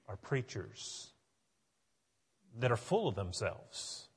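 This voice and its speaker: Husky-voiced preacher in an echoing hall. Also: male voice, mid-range voice, a little slow. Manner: earnest, building to emphatic. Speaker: pastor. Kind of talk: sermon.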